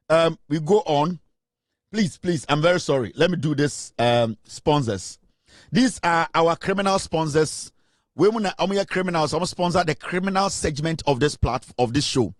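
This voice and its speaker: A high-voiced Ghanaian man hosts a political commentary show. He talks in an animated, mocking way and slips between English and Twi. His voice is recorded close and dry, with no room sound. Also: no echo. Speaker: host.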